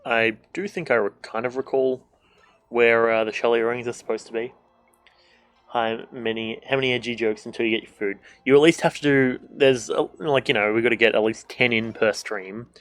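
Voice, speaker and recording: A man's voice: medium pitch, steady tone, normal speed, fairly bright tone. A man streaming a game, chatting casually, joking and swearing, and reading the game's dialogue aloud. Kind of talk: casual gameplay commentary.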